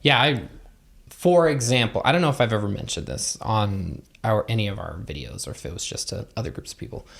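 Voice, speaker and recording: Casting: mid-pitched co-host with a gravelly fry, relaxed podcast banter. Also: fairly quick. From Utah, United States. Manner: chatty, agreeable, lots of "like" and "um". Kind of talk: casual chat.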